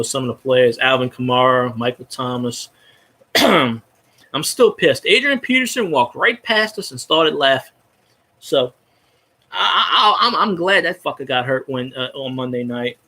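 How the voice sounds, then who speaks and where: A man in his thirties from Louisiana, a fan podcast host ranting in casual chat, profane and excitable. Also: mid-range voice. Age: 30s.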